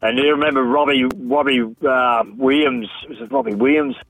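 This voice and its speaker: A man's voice: medium pitch, animated, normal speed, creaky, fairly bright tone, low-quality recording. An Australian man calling in to a radio show, rambling in a matey, slangy way. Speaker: caller. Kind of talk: casual phone-in chat.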